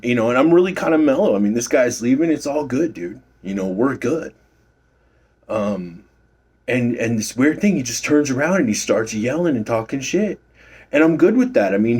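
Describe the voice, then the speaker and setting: Casting note: husky middle-aged guy, rambling storyteller, swears a lot, self-recorded at work. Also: mid-range voice, darkish tone. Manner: rambling, swears freely, many fillers and restarts. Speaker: former bouncer telling a story. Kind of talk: casual storytelling vlog. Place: at his workplace.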